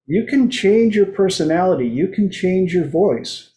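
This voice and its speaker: A man hosts his own talk show in an unhurried, playful monologue and slips into other voices when he quotes people. His voice sits a little higher than most men's. The recording picks up a roomy echo around him. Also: lively intonation, mellow. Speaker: host.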